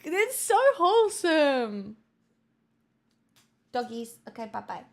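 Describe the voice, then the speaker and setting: Young woman streamer with a high voice, excitable and gushing, baby-talks a dog. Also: slow pace. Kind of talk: casual livestream chat.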